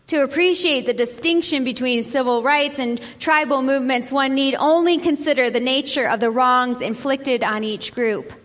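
A woman giving an earnest, measured talk and reading a first-person account aloud, slowing on key phrases for emphasis. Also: high-pitched, a bit bright. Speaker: speaker reading a memoir aloud. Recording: long hall reverb.

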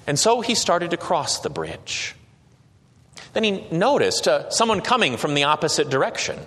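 A man narrating a story slowly and dramatically, with occasional hesitations. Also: fairly high pitch, very animated, fairly bright tone. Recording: long reverb.

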